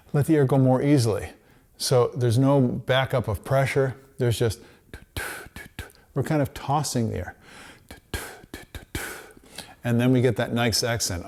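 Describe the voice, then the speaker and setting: Male music teacher, easygoing lesson delivery, mid-pitched voice, sounds out syllables to demonstrate. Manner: relaxed explanatory, demonstrates syllables aloud. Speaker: trumpet teacher. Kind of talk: instructional lesson.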